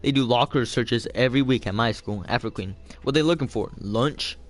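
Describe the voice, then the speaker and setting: A man's voice: mid-range voice, fairly quick. A man reading a novel aloud for homework, casual and loose, stopping to add his own comments. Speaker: reader of a novel.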